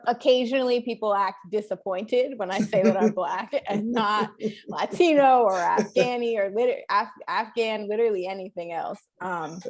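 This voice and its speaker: Young woman, panel photographer, mid-pitch, hesitant and soft-spoken. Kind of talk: casual anecdote on a panel.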